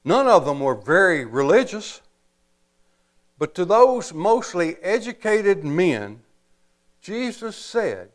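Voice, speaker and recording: Slow, lively preacher man. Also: high voice. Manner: slow, emphatic preaching with long pauses and folksy asides. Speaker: pastor. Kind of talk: sermon.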